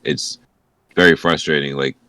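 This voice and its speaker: A man's voice: extremely low pitch, steady tone, normal speed, pushed and bright, dry recording. A man co-hosting a podcast, rambling through exasperated complaints. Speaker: podcast co-host. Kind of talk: casual chat.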